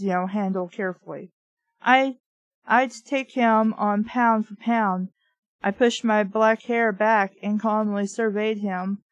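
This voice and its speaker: A woman's voice: medium pitch, no echo, low-quality recording. A woman reviewing a book by reading it aloud, breaking off for wry, sarcastic asides. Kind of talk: reading aloud with comic commentary.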